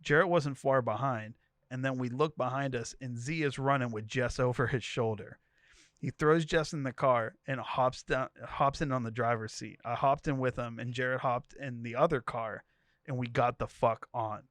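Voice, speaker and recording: A man's voice: mid-range voice, moderate pace, dry recording, studio quality. A podcast co-host reading a wild tweet thread aloud, laughing as he goes and giving each character's lines a voice. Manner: animated storytelling, laughing between lines.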